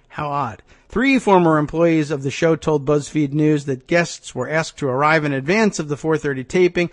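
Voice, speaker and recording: A male radio host reads a news story aloud and breaks in with dry, sarcastic asides. His voice sits a little high for a man, and the close studio mic sounds dead dry. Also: no room sound. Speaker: radio talk show host. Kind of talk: reading news aloud with commentary.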